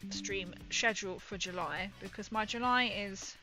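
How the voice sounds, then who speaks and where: Woman, livestream host, casual rambling chat, bright voice, soft background music. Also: mid-range voice, moderate pace. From England. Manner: rambling, chatty, laughs often.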